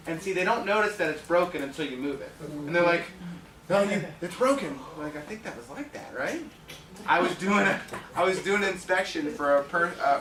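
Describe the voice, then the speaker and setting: A home inspector speaks to an audience in a conference room, his voice a little high, pushed and bright. He tells anecdotes in a chatty way, laughing often and acting out the people he quotes. The recording is echoey, with the mic heard from far away and audience noise present.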